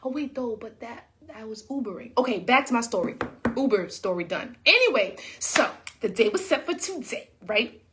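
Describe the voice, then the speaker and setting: Animated high-voiced woman telling a story. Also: normal speed, a little hiss or hum. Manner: animated, acts out quotes, talks to viewers as y'all. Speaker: author and vlogger. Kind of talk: casual storytelling vlog.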